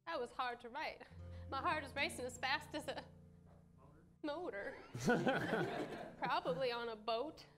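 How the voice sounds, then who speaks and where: A woman improvising a shy, lovesick woman reading her halting love letter on a live comedy stage. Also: high voice, animated. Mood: bashful. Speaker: improv performer. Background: live music underscore.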